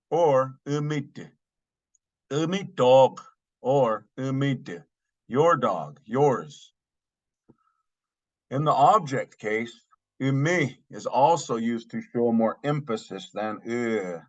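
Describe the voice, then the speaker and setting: A man's voice: mid-range voice, lively intonation, slow, lo-fi sound. A man teaching a language lesson, saying each phrase twice and then translating it. He speaks with a Northern Paiute accent. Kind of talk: slow recorded language lesson.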